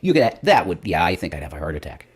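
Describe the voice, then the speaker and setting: Male livestream host, low husky voice, lively, profane, rambling delivery. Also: quick pace. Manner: profane, rambling and self-mocking. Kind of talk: rambling casual livestream talk.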